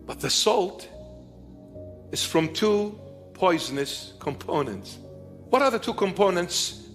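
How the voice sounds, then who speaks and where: Man, high voice, emphatic sermon delivery, soft music behind. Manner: emphatic, repetitive, swings between loud and hushed. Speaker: bishop preacher.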